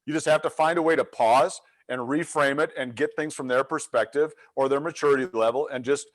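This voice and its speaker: Telling a story with energy in a webinar, a middle-aged leadership coach acts out the voices within it. He speaks briskly at a medium pitch.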